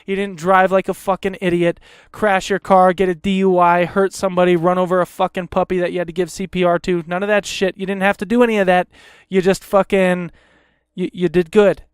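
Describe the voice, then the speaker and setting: Young guy hosting his podcast, swearing a ton and rambling, kinda high smooth voice. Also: flat delivery, a little fast, hardly any pauses, no echo, clean studio sound. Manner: profane, exasperated ranting; rambling, self-deprecating. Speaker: podcast host. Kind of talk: solo podcast rant.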